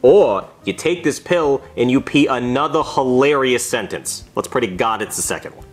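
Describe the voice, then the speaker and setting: A man's voice: mid-range voice, lively intonation, normal speed, faint music behind, lightly acted. A man voicing a smug, sarcastic male doctor puppet who rambles. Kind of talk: puppet comedy voice acting.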